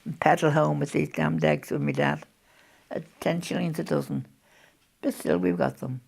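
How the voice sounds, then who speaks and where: Gravelly older woman. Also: low voice, darkish tone. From Birkenhead, England. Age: 80s. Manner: chatty storyteller, laughs often. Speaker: interviewee. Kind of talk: recalling wartime memories in conversation.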